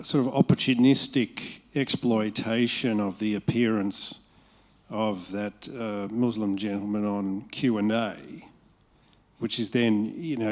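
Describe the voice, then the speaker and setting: A man's voice: lowish voice, a little mellow. A man in the audience of a public talk, asking a long, winding question.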